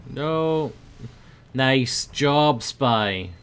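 A young man giving playful commentary over a video game, breaking into loud high yells when the action heats up. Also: expressive, very slow, a little hiss or hum. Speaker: gaming video host. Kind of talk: casual gameplay commentary.

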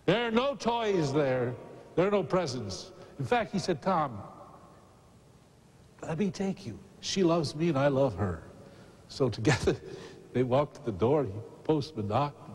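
Husky preacher in a cathedral hall. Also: male voice, medium pitch, animated, darkish tone. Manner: storytelling, dramatic pauses. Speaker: pastor. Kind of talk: sermon. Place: large cathedral. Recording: long hall reverb from a cathedral.

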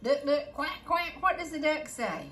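Older host, high-pitched, swoops all over, sing-song baby talk to a grandkid, echoey kitchen. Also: female voice, lively intonation, a little slow, sharp tone. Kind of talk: casual cooking demo with a grandchild. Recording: echoey kitchen, faint noise.

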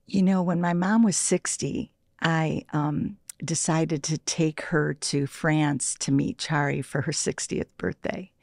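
A gravelly-voiced woman in her sixties tells personal stories in a soft, reflective way. She often drops almost to a whisper and laughs lightly. The recording is dry and close. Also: low-pitched, fairly even intonation, takes it slowly, hardly any pauses, no echo. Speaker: interview guest, meditation practitioner.

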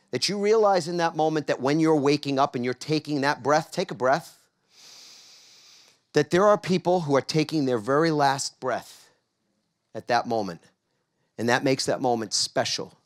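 A middle-aged man from New York giving a motivational conference talk on a large stage, drawing the audience in with call-and-response questions. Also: medium pitch. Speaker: keynote speaker.

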